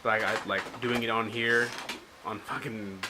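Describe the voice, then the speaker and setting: A man's voice: fairly low pitch, fairly even intonation, unhurried, background noise. A young man hosting a casual podcast chat, rambling, swearing a lot and laughing often. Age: young adult. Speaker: podcast host. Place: small home room. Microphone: headphones and desk mic.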